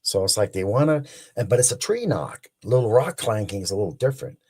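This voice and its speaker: A husky, lowish voice belongs to a man in his sixties, spinning an excited story as a guest. He rambles and restarts mid-sentence, but keeps the tale rolling. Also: quick pace. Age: 60s. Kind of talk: animated storytelling.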